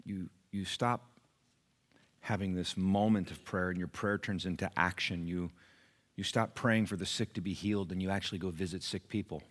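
Earnest preacher with a low voice. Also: male voice, steady tone, normal speed. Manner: earnest, shifts from raised emphasis to hushed near-whispers. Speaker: pastor. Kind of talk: sermon. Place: church sanctuary.

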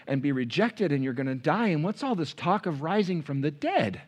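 A male pastor preaching a sermon, chatty and informal one moment, rising to impassioned, near-shouted preaching the next. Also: a little high, big pitch swings, moderate pace, few pauses, breathy edge. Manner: conversational, building to impassioned shouting.

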